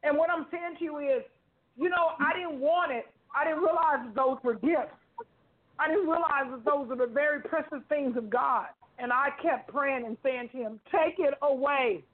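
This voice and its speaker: A woman's voice: high-pitched, normal speed. A woman in her fifties giving an emphatic, preacherly spiritual testimony on talk radio, repeating phrases and speaking colloquially. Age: 50s. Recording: phone-like narrow sound.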